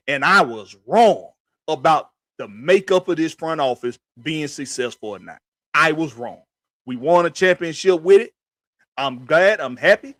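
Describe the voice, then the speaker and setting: Host, male, high voice, heated profane rant, dry close sound. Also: fairly bright tone, no echo. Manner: profane, emphatic, repetitive ranting. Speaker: podcast host.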